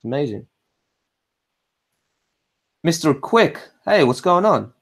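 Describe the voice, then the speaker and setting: A man's voice: fairly high pitch, big pitch swings, takes it slowly, gravelly. An Australian man chatting casually on a livestream. He rambles, swears freely, restarts his sentences often and answers viewer comments as they come in. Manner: reads viewer comments aloud and answers them. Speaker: livestream host.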